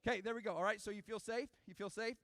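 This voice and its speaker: High-voiced man telling a lively story. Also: rapid-fire, no echo. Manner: animated storytelling, addressing the kids directly. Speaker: youth pastor. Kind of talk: youth ministry talk. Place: church youth room before a live audience.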